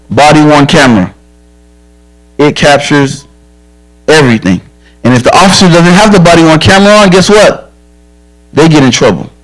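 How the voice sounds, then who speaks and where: A police officer speaking plainly and earnestly to a group of young campers, mixing blunt advice with stories from his own life. His voice sits a little higher than most men's. He talks directly and frankly, driving each point home. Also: rough recording. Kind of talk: safety talk to children at a church camp.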